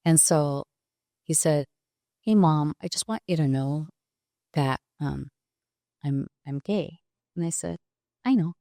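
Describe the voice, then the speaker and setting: Older woman, creaky low voice, interview guest, hesitant storytelling, dry sound. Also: dark tone, no echo. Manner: halting, reflective, many pauses and restarts. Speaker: podcast guest.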